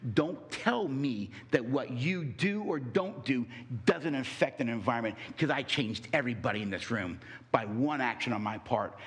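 A man giving a motivational talk on relationships, telling a story with rhetorical questions and deliberate pauses. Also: mid-range voice, fairly bright tone. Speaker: speaker on relationships.

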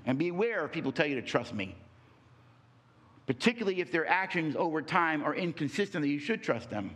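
A man giving a motivational talk on relationships, telling a story with rhetorical questions and deliberate pauses. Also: high voice, a bit bright. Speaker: speaker on relationships.

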